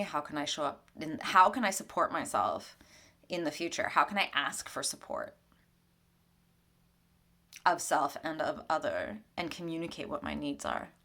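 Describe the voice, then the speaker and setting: A woman spiritual mentor giving a weekly tarot reading at her home altar, speaking gently and conversationally, often laughing. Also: sits low.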